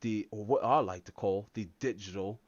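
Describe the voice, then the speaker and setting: Streamer guy doing a deep cool british actor voice, slow and low, dry dull audio. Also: dry recording, lightly acted. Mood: smooth.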